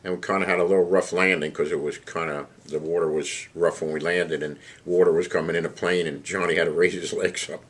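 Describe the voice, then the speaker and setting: A man's voice: low voice, steady tone, fairly quick, few pauses, slightly rough. An older man telling a casual spoken anecdote, rambling with fillers and self-corrections. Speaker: storyteller recalling past trips.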